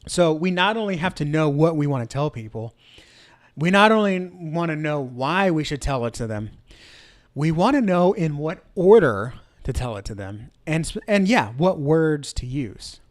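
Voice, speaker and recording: A man's voice: fairly high pitch, lively intonation, moderate pace. A middle-aged man hosting a church marketing show, talking energetically to camera with many rhetorical questions. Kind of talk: instructional talk to camera.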